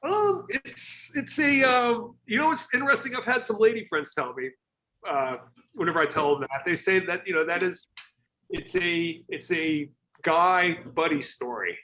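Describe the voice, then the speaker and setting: A man's voice: high voice, moderate pace, pushed and bright. A man talking casually as a guest over a video call, hesitant, with many restarts and fillers, earnest in tone. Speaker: podcast guest.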